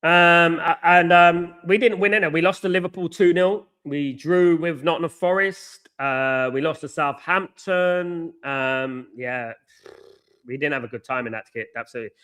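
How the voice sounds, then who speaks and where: A man with a somewhat high voice hosts a live football watchalong and rants at his viewers. He sounds worn out and frustrated, circling back to the same points with plenty of ums and restarts. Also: moderate pace, a bit bright, smooth. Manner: frustrated, repetitive ranting with many fillers. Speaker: host of a football fan channel.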